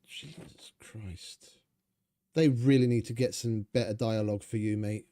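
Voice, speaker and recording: A man's voice: lowish voice, steady tone, brisk, dark tone. A young man giving rambling, sarcastic, swearing commentary over his gameplay. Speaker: gaming channel host.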